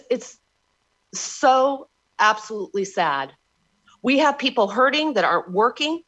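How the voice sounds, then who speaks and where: A woman's voice: on the high side, fairly bright tone. Woman, public commenter, emotional, frustrated, dull lo-fi call-in audio. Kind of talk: public testimony at a meeting. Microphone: remote call-in.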